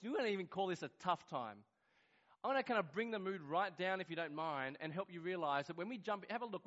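High-pitched guy preaching, acts out all the voices, gets loud then goes real quiet, kinda dull lo-fi sound. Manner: animated, acts out quoted voices, swings from loud to hushed. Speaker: pastor. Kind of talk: sermon with storytelling.

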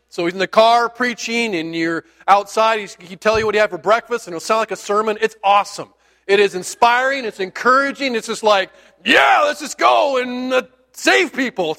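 A male pastor preaching a sermon in a church, talking loosely and with rising enthusiasm. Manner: loose, rambling and enthusiastic, grows louder and higher when fired up. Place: church sanctuary.

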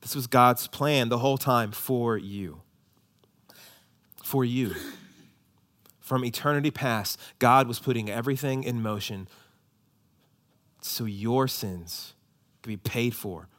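A man preaching a sermon, swinging between hushed, low emphasis and loud, high-pitched exhortation. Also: slow pace, long pauses. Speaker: pastor.

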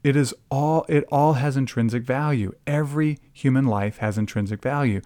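A man's voice: mid-range voice, a little mellow, no echo. Emphatic man hosting a podcast. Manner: emphatic, deliberate, slows down on key phrases. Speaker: podcast host. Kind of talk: scripted commentary podcast.

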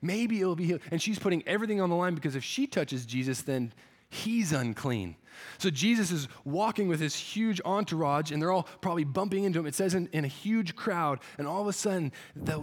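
A man preaching a sermon, retelling a story with earnest feeling and frequent restarts. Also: on the high side. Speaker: pastor.

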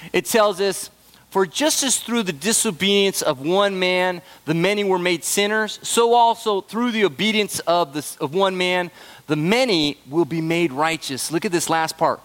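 A man preaching a sermon, earnest and emphatic, who rises to excited bursts and drops to soft, low asides. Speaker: pastor.

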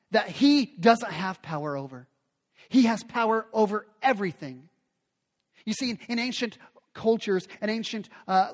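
Man, preacher, high voice, emphatic, repeats phrases, long reverb. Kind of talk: sermon.

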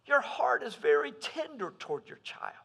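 A man preaching a sermon as pastor, swinging between loud emphasis and hushed asides. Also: very high voice, sing-song, normal speed, gravelly, breathy edge.

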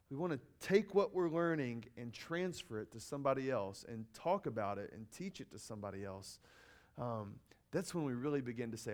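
A man's voice: medium pitch, a little mellow. Guy preaching a teaching sermon, earnest, mid voice, lots of ums, says key bits twice. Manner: earnest, repeats key phrases, frequent ums and uhs.

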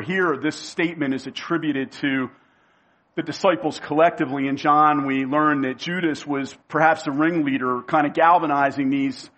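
Male preacher, emphatic sermon delivery, slightly high voice, repeats lines for weight. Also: steady tone, fairly bright tone. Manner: emphatic, repeats key phrases, slows down for weight.

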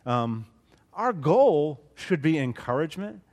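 A middle-aged Southern pastor delivers an earnest sermon, his pitch rising and falling in lively arcs. He leans into big emphatic lines and then drops to near-whispered asides. A long hall reverb trails every phrase. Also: slow. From Southeast Alabama, US. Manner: earnest, expressive preaching, swings between loud and hushed.

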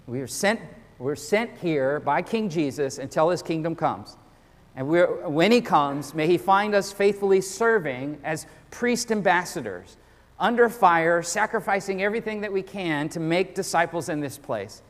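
Male pastor, higher-pitched voice, earnest sermon delivery with restarts, long reverb. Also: expressive, normal speed. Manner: earnest, repeats words when starting sentences.

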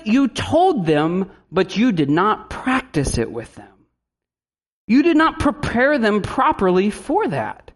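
Lively man preaching a sermon. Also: sits high, slow. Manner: lively preaching, animated asides and acted-out quotes. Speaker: pastor.

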